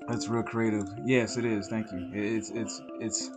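A man's voice: on the low side, flat delivery, unhurried, hardly any pauses. A man casually commenting on a game he plays, reading its text aloud and swearing now and then. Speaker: gamer. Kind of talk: let's play commentary. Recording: voice over game music.

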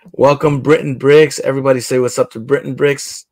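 This livestream host builds on camera while chatting easily with viewers and a guest, relaxed and talkative. He speaks briskly with hardly any pauses, in a gravelly, darkish, medium-pitched voice with fairly even intonation and no echo.

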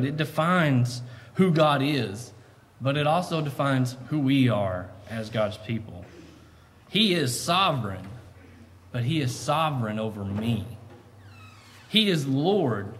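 A man, preaching an earnest, emphatic sermon from a church pulpit and weaving in personal family stories. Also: medium pitch. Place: church sanctuary. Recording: long church reverb with faint ambience.

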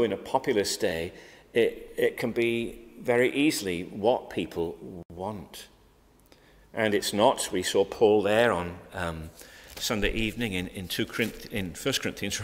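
Earnest Northern Irish pastor in reverb. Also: male voice, lowish voice, a bit bright. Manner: earnest, emphatic preaching with frequent ums and restarts. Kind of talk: Bible study teaching. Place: church.

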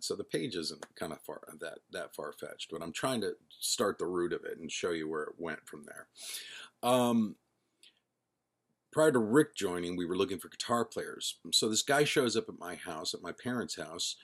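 Gravelly low-voiced man telling a long story. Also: expressive, moderate pace, a bit bright. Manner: rambling, self-correcting, acts out quoted dialogue. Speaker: band singer and founder. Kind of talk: casual spoken storytelling.

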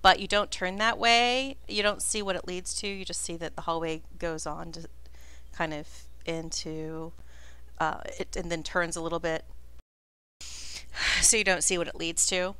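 A woman's voice: on the low side, steady tone, unhurried, sharp tone, smooth. A woman narrating as game master of a tabletop game, describing scenes in a chatty way.

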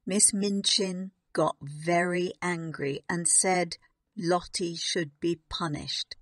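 A woman narrates a graded storybook for learners, slow, clear and even. Her voice sits a little low and the recording is dry and close. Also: no room sound. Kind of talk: graded reader audiobook narration.

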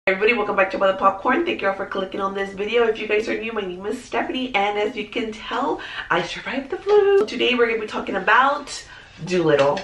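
A woman's voice: mid-range voice, lively intonation, fast talker. This is a woman hosting her own movie review channel, giving her honest opinion in a casual, talkative way. Her voice sits in the middle of the range, and she often repeats her words as she goes. The room around her is noticeably echoey. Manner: talkative, frank, repeats herself. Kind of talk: casual chat.

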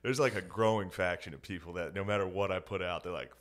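Deep male co-host, crude storyteller, laughs a lot, casual banter. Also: fast, few pauses, fairly bright tone. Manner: crude, storytelling with acted quotes, frequent laughs. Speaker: podcast co-host. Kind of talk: casual chat.

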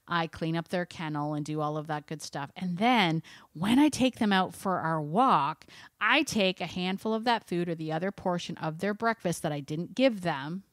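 A woman's voice: on the low side, no room sound, studio quality. A woman dog trainer giving casual, chatty training tips, often laughing as she talks. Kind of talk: casual instructional talk.

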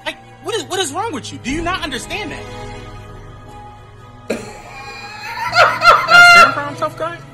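A woman's voice: high-pitched, animated, a little slow, pauses often. A woman playing characters in a comedy skit, sassy and exasperated, scolding others over music.

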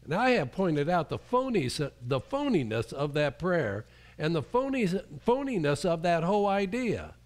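A man's voice: a little high, sing-song, normal speed. A male pastor preaching a sermon in a conversational way, often restarting his sentences and acting out the voices he quotes.

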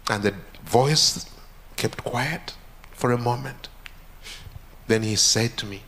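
A pastor giving an earnest testimony sermon, repeating phrases with rising intensity. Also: male voice, mid-range voice, slow pace, pauses often, sharp tone. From Uganda.

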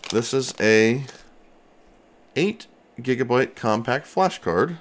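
A man chats through a casual livestream from his home workshop. His voice moves around a lot in pitch as he reacts to each package. He sounds excitable and loose, with the occasional mild swear. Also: slow pace, a little hiss or hum. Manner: excitable, chatty, swears mildly. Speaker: retro computer restoration channel host. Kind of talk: casual livestream mail-opening chat.

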